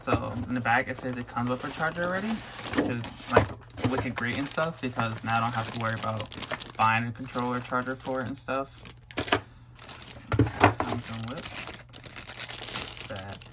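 A young man hosting a casual unboxing vlog, talking in an awkward monotone full of ums. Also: medium pitch, moderate pace, pauses often. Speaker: unboxing vlogger. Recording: faint background noise.

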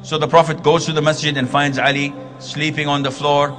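A man's voice: fairly high pitch, level tone, a little fast. A man preaching a sermon on marriage, telling stories and acting out the quoted dialogue. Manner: storytelling, acts out quoted dialogue. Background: music.

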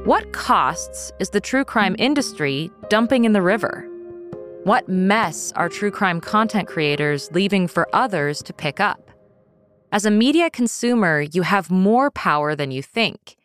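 A woman's voice: mid-range voice, lively intonation, a little slow, faint music behind. A woman co-hosting a podcast, reading scripted narration in an earnest, direct way. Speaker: podcast co-host.

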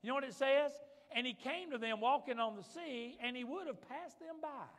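A man's voice: very high voice, normal speed. A man preaching a sermon as pastor, fervent, calling out for amens from the congregation. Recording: long reverb of a large hall.

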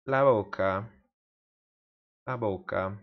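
Portuguese-native man, very slow, repetitive self-study drills; dull lo-fi home recording. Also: fairly low pitch. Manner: repeats words aloud over and over, mutters to himself. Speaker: language learner. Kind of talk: casual self-study practice.

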